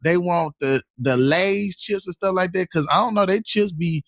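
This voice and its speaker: A man's voice: high-pitched, moderate pace, fairly bright tone, dry recording. Dry-sounding man in loose casual chat. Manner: loose, storytelling, slangy. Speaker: livestream host.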